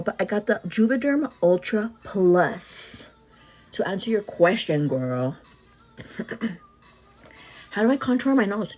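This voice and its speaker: A woman in her thirties hosting a beauty livestream, talking non-stop and a bit out of breath, calling her viewers "girl" as she answers their comments. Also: mid-range voice. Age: 30s. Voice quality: energetic, hyperactive delivery. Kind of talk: casual livestream chat.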